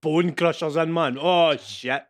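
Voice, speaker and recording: A Scottish man co-hosting a casual sports watch-along podcast, animated, laughing often and swearing. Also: a little high, measured pace. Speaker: podcast co-host.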